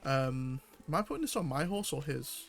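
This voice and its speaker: A man's voice: mid-range voice, sing-song, normal speed, gravelly, music in the background. A man in his twenties with a northern English accent from near Manchester, rambling casually to viewers while streaming a game. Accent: northern English, Mancunian with some Scouse. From England, near Manchester. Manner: rambling and chatty, many fillers and restarts. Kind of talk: casual gameplay chat with viewers.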